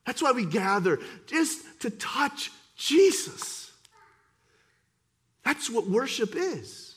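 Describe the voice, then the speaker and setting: A man delivers a sermon as pastor. His voice sits very high and is lively, rising to forceful emphasis and then dropping to quiet intensity. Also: slow, husky. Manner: animated preaching, swings between forceful emphasis and quiet intensity.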